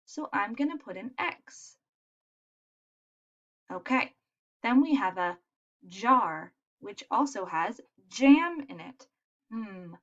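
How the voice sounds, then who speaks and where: A woman teaching young children letter sounds in a patient, encouraging way, modelling each sound clearly. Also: medium pitch, lo-fi sound. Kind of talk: phonics lesson for young children.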